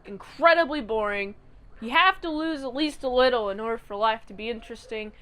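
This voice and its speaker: A woman recapping and reviewing a TV episode in a chatty, animated way. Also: a little high, fairly quick, smooth. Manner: chatty and animated, acts out quotes. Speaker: show reviewer.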